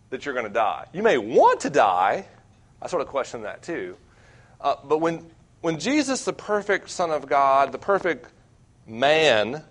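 Young man, campus minister, sermon, earnest, self-deprecating, loud then hushed, mid-pitched. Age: young adult. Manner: earnest, self-deprecating, wide swings in loudness.

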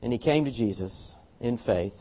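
A pastor delivers a sermon, telling a story earnestly and animatedly and frequently restarting his words. His medium-pitched voice has lively intonation at a normal pace, captured in a dull lo-fi recording.

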